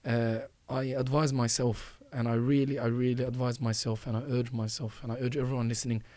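A man's voice: medium pitch, level tone, fairly quick, dark tone, dry recording. A man hosting a religious advice talk, earnestly urging listeners and repeating phrases for emphasis. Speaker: podcast host.

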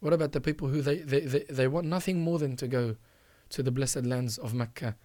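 A man's voice: medium pitch, a little fast, warm tone, no room sound. Earnest man urging listeners, dry sound. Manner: earnest, exhorting, repeats phrases for emphasis. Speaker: podcast host. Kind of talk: religious advice talk.

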